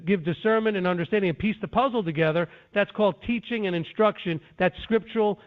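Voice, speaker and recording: A man teaching scripture in an earnest, defensive lecturing way, with frequent restarts. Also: high voice. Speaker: Bible teacher. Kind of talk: conference-call teaching. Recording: tinny phone line.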